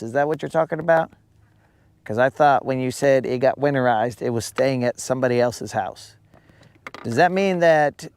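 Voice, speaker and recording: A man's voice: mid-range voice, darkish tone, smooth, dry recording. A man hosting a live fishing stream, chatting casually with viewers and trading teasing jokes full of slang.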